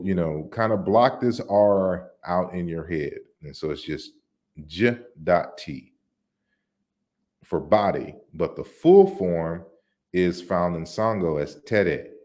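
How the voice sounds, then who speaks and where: Slow, deep-voiced man explaining slides. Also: a little mellow. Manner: deliberate, explanatory, with many restarts and fillers. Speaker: lecturer on African languages. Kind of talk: online lecture walking through slides.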